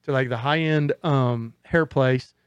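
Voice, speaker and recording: A man's voice: mid-range voice, unhurried, clean tone, no echo, dull audio. A man in his forties, co-hosting a podcast in a studio, trading profane, joking banter. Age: 40s. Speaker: podcast co-host. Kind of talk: casual chat.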